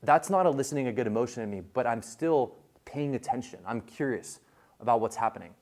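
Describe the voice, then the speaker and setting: A man's voice: medium pitch, animated, a little fast, a little mellow. Chatty man giving a casual lecture. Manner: chatty, many likes and restarts. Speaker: lecturer on viral video.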